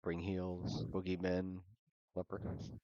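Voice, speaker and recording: Low-voiced man running a tabletop game. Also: monotone, slow, warm tone, highs cut off. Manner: rambling, filler-heavy, laughing. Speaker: game master. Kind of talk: live-streamed tabletop game narration.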